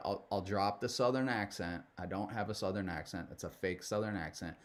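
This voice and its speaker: A man's voice: fairly low pitch, expressive, fairly quick, hardly any pauses. Male reaction host, young adult, chatty and rambling. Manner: rambling, profane, loose and chatty. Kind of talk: casual commentary.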